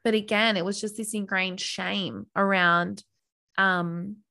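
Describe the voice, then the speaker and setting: Young woman, podcast co-host, casual chat, earnest, animated storytelling. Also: mid-range voice, slow, gravelly. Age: young adult.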